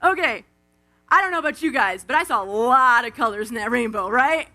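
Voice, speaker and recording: A woman giving a lively devotional talk from an outdoor event stage, acting out quotes and calling on the crowd on a stage microphone. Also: fairly high pitch, brisk. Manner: animated, acts out quotes, calls on the crowd. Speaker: speaker at a live Christian event. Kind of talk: energetic devotional talk with storytelling.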